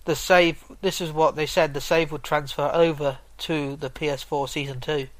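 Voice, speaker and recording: A man's voice: on the high side, steady tone, moderate pace, no echo. Hesitant man on a gaming podcast. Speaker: podcast co-host. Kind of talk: casual gaming podcast chat.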